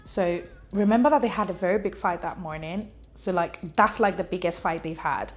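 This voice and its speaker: A woman's voice: on the low side, fairly quick. A woman recapping a thriller novel in a chatty way, full of "like" and acted-out quotes. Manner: chatty, fills speech with "like", acts out quotes. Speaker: book reviewer. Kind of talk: casual book recap.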